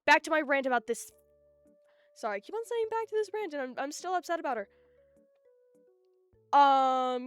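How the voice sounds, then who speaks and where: High-voiced woman ranting on stream. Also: moderate pace, pauses often, dry recording, soft background music. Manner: animated, ranting, self-interrupting. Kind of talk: casual live-stream chat.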